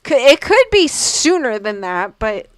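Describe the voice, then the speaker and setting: A woman's voice: fairly high pitch, sing-song, a little slow, clean tone, no room sound. A young woman hosting a casual livestream, reading viewer comments aloud and giggling often.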